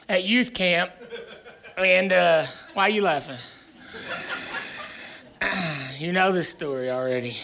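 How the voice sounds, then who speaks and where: A man preaching in a high, bright voice, a pastor spinning a funny tale for his congregation. He tells it with animated, self-mocking energy and keeps breaking into little chuckles, with a crisp, forward tone. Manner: animated, self-deprecating storyteller who chuckles often. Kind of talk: sermon with humorous storytelling. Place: church sanctuary before a live congregation.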